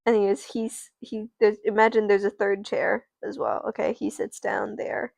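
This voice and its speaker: A woman's voice: mid-range voice, level tone, normal speed, vocal fry, a little mellow, no echo. A woman streamer improvising a story with dolls, rambling, correcting herself and swearing. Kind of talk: casual improvised storytelling with doll play.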